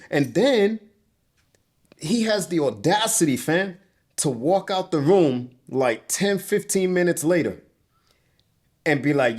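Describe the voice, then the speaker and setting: A young man, a guest in an interview, sits on an indoor couch telling an emotional story in a fairly high, expressive voice. He speaks slowly with long pauses, sounding heated, agitated and profane, and keeps saying "bro."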